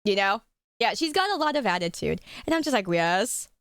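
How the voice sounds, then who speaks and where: A woman's voice: a little high, very animated, fast, fairly bright tone, smooth, no room sound, clean studio sound. A woman streaming live, chatting casually and giggling often, with a casual habit of swearing.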